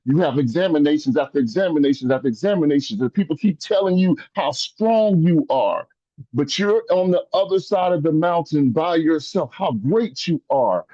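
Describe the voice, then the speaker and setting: A man's voice: expressive, moderate pace, dark tone, no room sound. Impassioned male motivational speaker, dry lo-fi. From rural upbringing. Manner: preacherly, rising to high emphatic pitch, repeats phrases.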